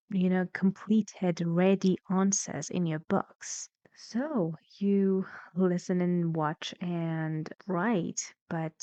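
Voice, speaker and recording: A woman teaching English pronunciation, saying each word slowly and clearly and repeating it for students to copy. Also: fairly low pitch, warm tone, dry recording, muffled recording. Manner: slow, deliberate, repeating each word for practice. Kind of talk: pronunciation lesson.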